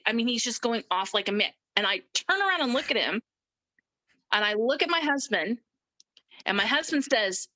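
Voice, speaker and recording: Middle-aged woman, interview guest, lively storyteller, brighter edge, a little higher voice. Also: moderate pace, low-quality recording. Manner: animated, acts out quoted speech. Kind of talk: emotional personal storytelling.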